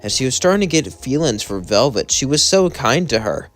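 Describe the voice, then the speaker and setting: A man tells a fan-fiction story in a casual, rambling way, chaining events one after another. Soft music plays faintly beneath his voice. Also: mid-range voice, very animated, a little fast.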